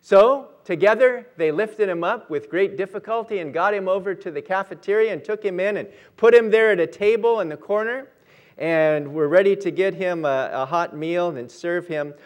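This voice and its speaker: Male pastor, high-pitched, earnest sermon delivery. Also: normal speed. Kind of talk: sermon with prayer and storytelling.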